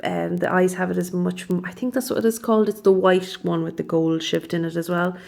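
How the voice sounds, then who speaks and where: A woman's voice: on the low side, steady tone, a little fast, vocal fry, darkish tone. A young woman chatting casually through a nail polish review, rambling and often correcting herself mid-sentence. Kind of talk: casual product review vlog.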